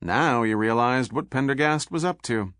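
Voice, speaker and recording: A man narrating an audiobook in a measured, steady storytelling voice. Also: mid-range voice, no room sound, clean studio sound.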